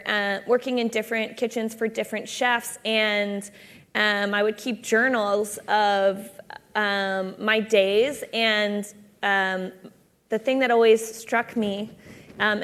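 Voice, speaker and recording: A woman's voice: medium pitch, a bit bright. Woman answering thoughtfully with many ums. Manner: reflective, many pauses and filler ums. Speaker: company founder on a panel. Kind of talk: panel discussion answer. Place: conference stage.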